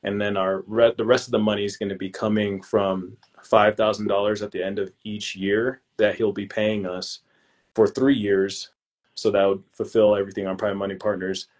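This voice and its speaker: Young male podcast guest with a low-ish voice. Slangy, easygoing storyteller. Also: normal speed. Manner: relaxed and slangy, calls the hosts "bro"; lively storyteller who acts out his own past lines. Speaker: podcast guest, real estate investor. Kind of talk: casual interview chat.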